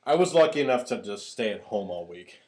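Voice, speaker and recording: Excitable man with hiccups, swearing freely. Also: lowish voice, a little fast. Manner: animated, swears freely, gets loud when worked up. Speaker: podcast co-host. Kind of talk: casual podcast chat.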